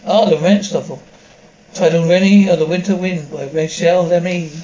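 Guy with a slightly high voice reading a drama dub and its sound cues, kinda dull audio. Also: steady tone, moderate pace, mellow. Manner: reads sound cues aloud between lines.

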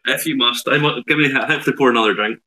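A man, a whiskey expert on a live online show, explaining in a measured way with dry humour. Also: mid-range voice, pushed and bright.

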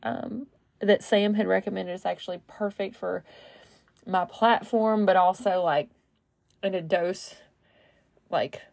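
A woman's voice: mid-range voice, steady tone, measured pace, creaky, pauses often, a little mellow, no room sound. A woman hosting her own podcast, talking in a rambling, casual way full of fillers and self-corrections. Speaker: podcast host. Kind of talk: casual solo podcast monologue.

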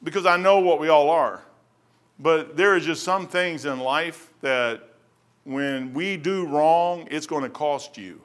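A middle-aged preacher with a slightly high-set voice delivers a loose, conversational sermon. His talk is folksy and rambling, full of asides and stories before he comes back to scripture. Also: a bit bright. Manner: folksy, rambling, wanders off topic into anecdotes. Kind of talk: casual sermon.

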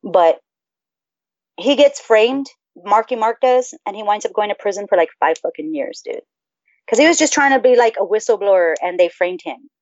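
A woman co-hosting a podcast in casual chat, profane and animated as she rambles. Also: mid-range voice, moderate pace, dry recording. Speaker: podcast co-host. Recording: dull lo-fi sound.

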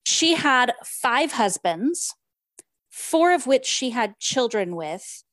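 A woman's voice: on the high side, very animated, slow, fairly bright tone, no room sound. A woman co-hosting a book podcast, chatting casually, recapping the plot and reading passages from a novel aloud. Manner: apologizes for her Spanish pronunciation. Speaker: podcast co-host.

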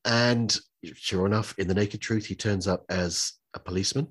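A man's voice: lowish voice, fairly even intonation, normal speed, a bit bright, husky. A man hosting a podcast, chatting eagerly about old comedy films and slipping into comic voices. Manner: enthusiastic, fond of putting on comic voices. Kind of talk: casual film chat.

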